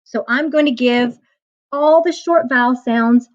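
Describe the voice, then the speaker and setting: A woman teacher recording a self-paced phonics lesson, explaining syllable division step by step and sounding out words slowly and patiently. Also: a little high, dull audio.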